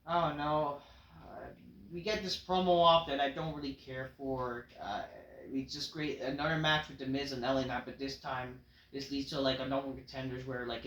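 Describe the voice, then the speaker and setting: A man's voice: medium pitch, a bit bright, echoey room, low-quality recording. A man casually recapping a wrestling show in a rambling, offhand way, full of fillers.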